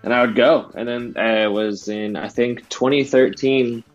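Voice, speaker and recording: A man in his thirties from Southern California, a guest DJ telling a story in casual chat, animated and slangy, acting out what he once said. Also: medium pitch, normal speed. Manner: animated, slangy, acts out his own past lines. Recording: dull lo-fi podcast audio with faint music.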